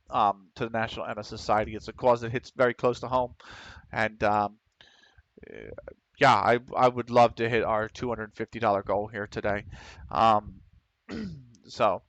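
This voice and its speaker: A man with a Philadelphia accent giving casual commentary while streaming a game, talking quickly and running his words together, often clearing his throat. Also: mid-range voice, fairly bright tone, no room sound. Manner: fast, runs words together.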